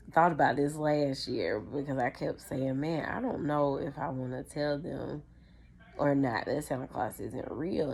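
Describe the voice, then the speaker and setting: A young woman tells a personal story on her podcast. She is animated and chatty and keeps calling her listeners "y'all". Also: low voice, creaky, breathy edge. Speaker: podcast host. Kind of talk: casual storytelling.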